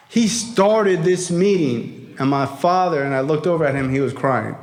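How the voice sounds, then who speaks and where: A man's voice: fairly high pitch, normal speed, few pauses. A young man speaking to a convention crowd about his recovery, telling stories animatedly and swearing often. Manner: animated, acts out quoted voices, frequent swearing. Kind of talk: storytelling speech at a convention. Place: convention hall before a crowd.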